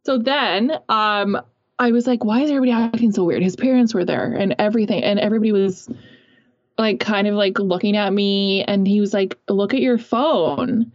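A young woman tells a personal story in a loose, rambling way and leans on filler words as she goes. Her voice is mid-pitched. The recording is close and dry, with a muffled, lo-fi tone. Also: normal speed, no room sound. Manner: chatty, rambling, many fillers. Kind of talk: casual storytelling. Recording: dull lo-fi recording.

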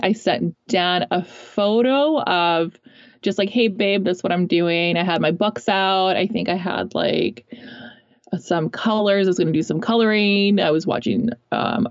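A woman's voice: mid-range voice, dry recording. A young woman telling a personal story in a casual, rambling way, full of fillers. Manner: chatty, rambling, many fillers. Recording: dull lo-fi recording.

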